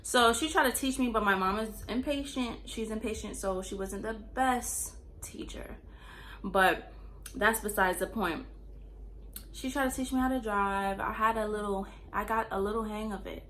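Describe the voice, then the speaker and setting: A woman's voice: medium pitch, normal speed, a bit bright, a little hiss or hum. A young woman from Queens, telling a rambling, profane storytime in casual slang. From Queens, New York. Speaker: storyteller vlogger.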